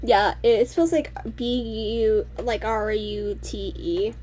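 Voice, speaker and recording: A young woman streamer chatting casually while playing a building game, rambling and halting, swearing casually as she tells stories. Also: medium pitch, dark tone, a little hiss or hum. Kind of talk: casual gaming chat.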